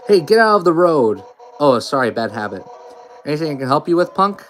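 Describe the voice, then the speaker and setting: A man voicing a tough, loud woman police chief who shouts and laughs mockingly. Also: fairly high pitch, very animated, a little fast, faint music behind, voice pushed up. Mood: brash mocking.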